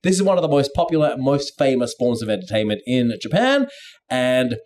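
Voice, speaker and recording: A man's voice: sing-song, fairly quick, crowd noise. A man co-hosting a podcast in a playful, jokey, casual chat. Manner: playful, jokey, swings pitch a lot. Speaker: podcast co-host.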